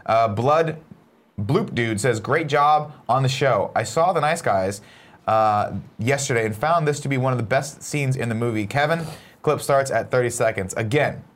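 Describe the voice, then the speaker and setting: Joking male morning show co-host. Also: medium pitch. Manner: joking, reads viewer messages aloud. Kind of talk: casual morning show banter.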